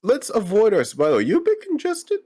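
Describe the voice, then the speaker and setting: A man co-hosts a podcast in casual chat, trading teasing, deadpan jabs. His voice is mid-pitched yet extremely animated, rising and falling widely. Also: brisk. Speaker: podcast co-host.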